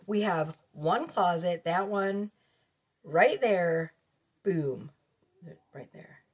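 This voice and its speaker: Her voice is fairly low with lively intonation, and she talks extremely slowly. This woman with children does a casual tarot reading to camera in a cluttered bedroom at home, blunt, profane and often laughing, captured by a camera mic.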